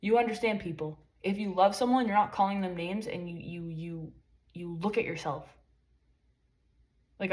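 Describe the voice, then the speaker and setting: A woman vlogger giving a rambling, emphatic motivational talk full of swearing. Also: medium pitch. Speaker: spiritual vlogger. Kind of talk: casual motivational monologue.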